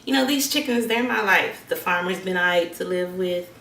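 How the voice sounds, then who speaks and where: A woman voicing a young eagle raised among chickens, speaking quietly and resignedly in slang, recorded with a roomy echo from a distance. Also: fairly low pitch, moderate pace, a little hiss or hum.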